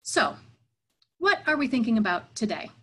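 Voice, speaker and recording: A woman's voice: fairly high pitch, big pitch swings, moderate pace, slightly rough. A woman playing a teasing wandering teacher. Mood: playful. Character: playful wandering male Buddhist teacher, teasing.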